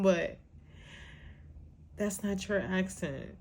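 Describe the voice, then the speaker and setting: A woman talks straight to her listeners in an exasperated, scolding rant. Her voice sits a little low and she takes her time, pausing as she builds each point. The delivery is blunt and casual, like a host venting on her own show. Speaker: podcast host.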